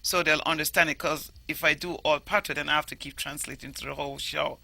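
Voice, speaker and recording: A Jamaican woman, a storyteller, explaining things in an animated interview. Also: sits low, fast, gravelly. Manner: animated, explanatory, stresses words emphatically. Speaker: storyteller guest. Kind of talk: interview conversation.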